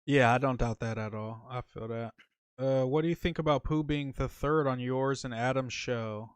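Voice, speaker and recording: A man hosting a livestream podcast talks in a loose, slang-heavy way and says bro a lot. His voice is smooth and resonant. The sound is close and dry, with no room around it. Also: mid-range voice, normal speed, dry recording. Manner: laid-back and slangy, reads chat aloud, keeps saying bro. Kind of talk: casual livestream chat.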